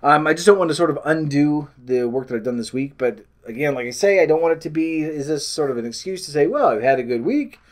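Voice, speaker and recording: A man's voice: on the high side, quick pace, hardly any pauses. A man from Canada, chatting in a rambling, self-deprecating way on a weight loss vlog and often losing his train of thought.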